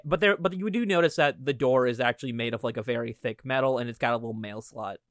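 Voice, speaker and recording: A man running a tabletop game as game master, narrating scenes with a joking, animated manner. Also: mid-range voice, quick pace, no echo, studio quality.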